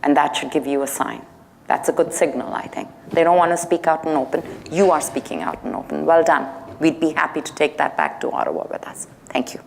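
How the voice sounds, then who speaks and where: A woman from India, a senator and guest lecturer, answering an audience question in a measured, composed way. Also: low voice, animated, creaky, a little mellow, slight background noise. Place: lecture hall.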